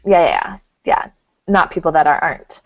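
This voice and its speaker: A woman's voice: low-pitched, normal speed, no echo. A woman co-hosting a casual talk show as the psychic, chatty and giggly. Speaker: co-host, psychic. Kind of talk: casual chat. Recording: dull lo-fi sound.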